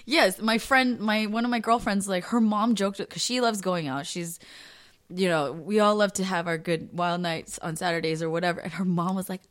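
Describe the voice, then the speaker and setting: A young woman co-hosting a podcast, telling family stories in a casual, animated way and laughing often. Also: medium pitch, moderate pace. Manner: animated storytelling, acts out quotes, laughs often. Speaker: podcast co-host. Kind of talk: casual chat.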